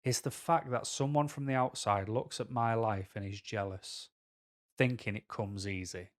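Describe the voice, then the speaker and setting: A man's voice: fairly low pitch, steady tone, normal speed. A man with a Mancunian accent talking candidly to camera as a vlogger, rambling through personal stories with tangents.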